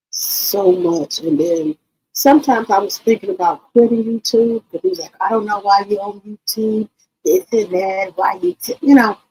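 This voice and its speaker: Woman, husky, low-pitched, casual heartfelt talk to viewers, repeats herself. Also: a little mellow, poor audio. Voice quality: emotional, repeats herself, addresses viewers directly. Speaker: YouTube channel host.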